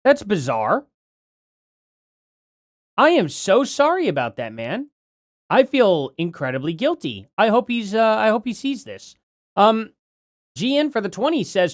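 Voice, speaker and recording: A man's voice: high-pitched, big pitch swings, a little slow, long pauses, dry recording, studio quality. A man hosting a casual livestream, chatting and reading out donations, his words a little slurred from a bitten tongue. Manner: chatty, reads donations aloud, apologetic. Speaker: livestream host.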